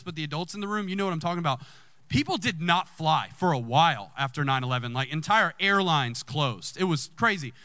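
Animated pastor preaching. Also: male voice, dry recording. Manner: animated, jumps high when excited. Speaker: lead pastor. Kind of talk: storytelling sermon.

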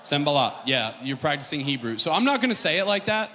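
Animated preaching man, echoing church hall. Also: on the high side, quick pace, slight background noise. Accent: American. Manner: animated, jokey preaching with dramatic scripture reading. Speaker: pastor. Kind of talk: sermon. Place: church stage with long reverb.

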